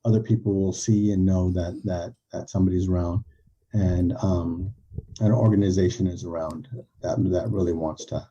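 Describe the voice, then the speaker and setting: A man speaking as a guest on a podcast over a video call, halting and hesitant with many fillers. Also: sits low, fairly even intonation, warm tone, slightly rough, lo-fi sound. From Southern California. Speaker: guest, head of a support nonprofit. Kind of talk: casual interview chat.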